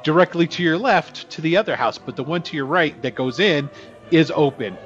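A man running a tabletop game as game master, animated, laughing and swearing casually. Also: a little high, a little fast, husky. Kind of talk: narrating a tabletop game session. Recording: dull lo-fi sound with faint music.

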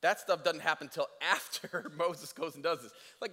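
A male pastor preaching a sermon in a conversational, energetic way, acting out scripture scenes. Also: fairly high pitch, normal speed. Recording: echoey church hall.

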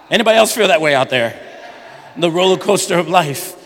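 A man preaching a sermon as pastor, lively, acting out the Bible figures' lines in his own voice. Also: sits high, brisk. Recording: long hall reverb.

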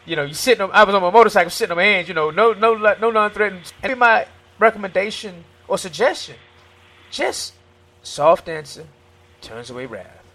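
Earnest man preaching calm with scripture. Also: high voice, fairly quick. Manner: earnest, preachy, quotes scripture and acts out dialogue. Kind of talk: faith-based casual discussion.

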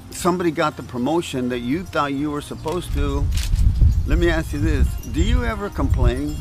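A man's voice: fairly high pitch, poor audio. A man giving a conversational devotional talk outdoors in a breeze, asking his listeners questions. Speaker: preacher. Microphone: camera on a stand.

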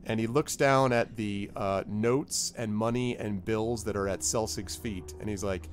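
A man narrating as game master in a relaxed, amused way, voicing the characters as he goes. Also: fairly low pitch, unhurried, hardly any pauses, soft background music.

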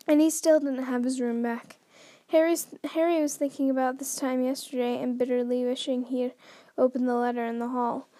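High-voiced woman reading a story aloud. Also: level tone, normal speed, mellow. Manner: stumbles and restarts often while reading. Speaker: podcast host reading a book aloud. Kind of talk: unrehearsed read-aloud narration.

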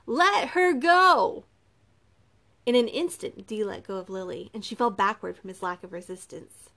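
A woman narrating a novel in an even storytelling manner. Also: medium pitch, fairly quick, gravelly. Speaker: audiobook narrator. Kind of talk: scripted narration.

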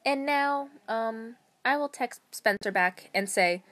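A woman's voice: on the high side, slow. A teenage girl co-hosting a casual podcast with friends, giggly and teasing, often talking over the others. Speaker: podcast co-host. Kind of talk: casual chat among friends. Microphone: phone recording. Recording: loud background noise.

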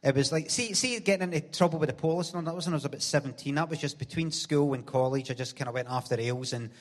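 A man's voice: fairly high pitch, quick pace. Sweary Glaswegian man telling stories. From Glasgow, Scotland. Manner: sweary, laughing anecdotes, acts out voices. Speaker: guest. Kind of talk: live stage interview, storytelling. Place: theatre stage.

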